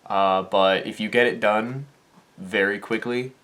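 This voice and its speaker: A young man with a very deep, low voice tells a story in a casual vlog. He acts out each person in it with lively energy, and he grows quiet and sincere when the talk turns serious. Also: measured pace. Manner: animated, acts out quoted people in the story; turns soft and earnest on serious topics. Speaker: vlogger and dance teacher.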